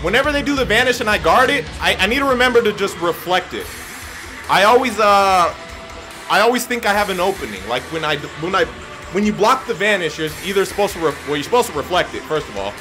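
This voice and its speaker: A young man giving chatty gameplay commentary, explaining his own mistakes and breaking into excited shouts at his opponent. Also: high-pitched, fast, over music. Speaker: gaming YouTuber.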